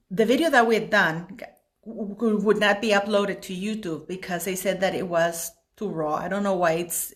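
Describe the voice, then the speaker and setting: A woman vlogs her opinions to a small video camera in a loose, chatty way. She rambles and restarts often as she builds her points, and her voice sits in a middle pitch. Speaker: vlogger commenting on celebrity news. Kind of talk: casual opinion vlog.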